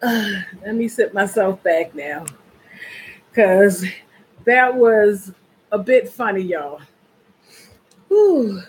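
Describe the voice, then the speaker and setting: A woman's voice: medium pitch, lively intonation, drawn-out words, pauses often, darkish tone, a little hiss or hum, poor audio. A woman chatting casually and directly to her viewers in a vlog. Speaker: vlogger.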